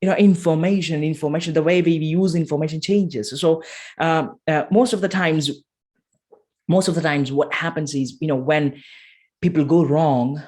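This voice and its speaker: A man giving a motivational talk with a short guided exercise, emphatic and repetitive, slowing to soft guiding tones. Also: on the high side, fairly even intonation. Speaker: motivational speaker.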